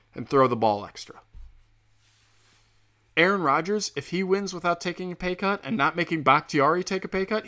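A man's voice: medium pitch, fairly bright tone. Heated, profane male sports ranter. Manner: profane, heated, sarcastic ranting. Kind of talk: solo sports rant.

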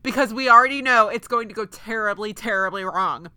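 A woman's voice: mid-range voice, brisk, bright, forceful tone, dry recording. A woman co-hosting a podcast, chatting casually about a TV episode with many fillers, and she has the hiccups. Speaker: podcast co-host. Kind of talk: casual chat.

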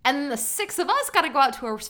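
A woman's voice: high voice, sing-song, fast, sharp tone. A woman co-hosting a podcast, chatting casually with a friend in a gushing, giggly way. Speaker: podcast co-host. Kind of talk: casual chat.

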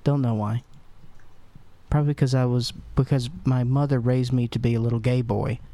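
A man in his thirties co-hosting a podcast in casual chat, crude and mock-outraged, swearing and laughing in quick bursts. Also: medium pitch, steady tone, warm tone. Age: 30s. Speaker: podcast co-host.

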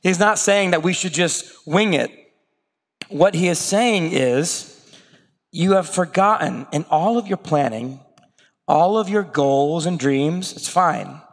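A man preaching a sermon in a conversational way, slipping into quick acted asides. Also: fairly high pitch, big-room sound. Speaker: pastor.

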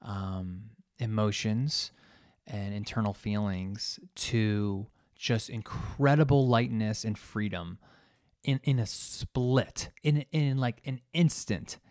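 Earnest low-voiced man reflecting, dry sound. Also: slow, a little mellow, no room sound. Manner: earnest, thoughtful, searching for words. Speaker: podcast host and coach. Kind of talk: solo reflective podcast talk.

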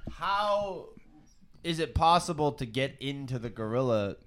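A young man on a casual podcast, excitable and swearing freely while he argues his point. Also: mid-range voice, measured pace, crowd noise. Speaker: podcast co-host. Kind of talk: casual chat.

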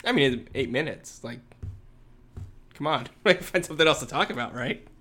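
Brief: male podcast host, higher-pitched and bright, playful and teasing. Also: lively intonation, normal speed. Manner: playful, teasing, chuckling asides. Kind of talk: casual chat.

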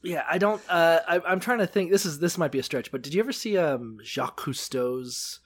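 A man in casual podcast chat, animated and laughing often, with frequent swearing. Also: fairly high pitch, a little fast.

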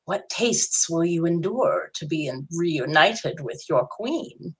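A sadistic storybook lord with a cold, commanding edge and a slightly low-set voice, as a woman narrator puts him on. He speaks slowly and deliberately, savoring each taunting phrase. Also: lively intonation, heavily acted. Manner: slow, drawn-out taunting delivery. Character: sadistic cold male candy lord villain. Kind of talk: erotic audio story reading.

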